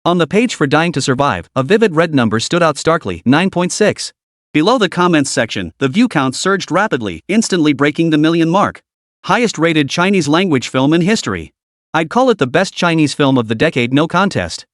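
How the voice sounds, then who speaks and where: A man narrating a scripted web novel story, with quick shifts in tone for the quoted characters. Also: on the high side, very animated, no echo, clean studio sound.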